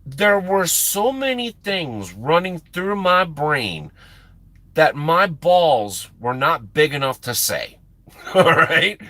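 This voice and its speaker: A man's voice: a little high, slow pace, no room sound. An American man, a truck driver and live-stream host, telling a story in a casual, profane way with frequent laughs. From United States. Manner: animated, profane, laughing often.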